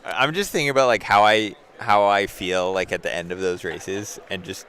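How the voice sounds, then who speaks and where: A man giving casual live commentary on a track meet, thinking out loud and laughing with his co-hosts. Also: on the low side, normal speed, slight background noise. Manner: animated, laughs easily, thinks out loud with fillers.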